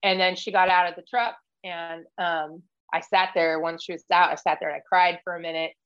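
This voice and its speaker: Candid woman talking earnestly on a podcast, lots of ums, kinda low voice, bit muffled. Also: fairly even intonation, fairly quick, fairly bright tone, smooth. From United States. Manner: candid, earnest, many fillers and restarts. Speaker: podcast guest, Marine veteran. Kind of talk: casual interview conversation.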